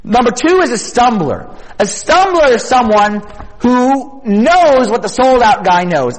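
High-voiced man preaching in a reverberant hall. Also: measured pace. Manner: energetic, conversational, asks the audience questions. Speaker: youth retreat speaker. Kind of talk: youth sermon.

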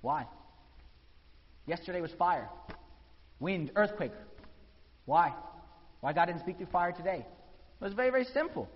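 A man preaching a sermon, telling the story with animated voices for the people in it. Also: high-pitched, a little slow, pauses often. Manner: animated storytelling, acting out quotes. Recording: dull sound in a reverberant hall.

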